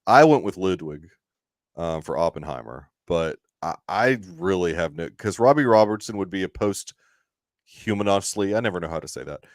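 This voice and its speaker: A man guesting on a movie podcast, talking casually and haltingly with many fillers. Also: deep voice, expressive, no echo, studio quality. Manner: rambling, hesitant, lots of fillers. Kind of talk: casual chat.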